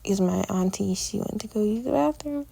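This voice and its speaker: A woman's voice: mid-range voice, moderate pace, vocal fry, warm tone, a little hiss or hum, low-quality recording. An eighteen-year-old woman narrating a casual travel vlog in a chatty, slangy storytelling way. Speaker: vlogger.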